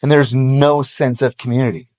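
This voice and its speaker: A man's voice: medium pitch, steady tone, moderate pace, a little mellow. A middle-aged man preaching a sermon, telling stories with animation and acting out quoted voices. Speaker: pastor. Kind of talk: sermon storytelling. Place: church hall, live audience.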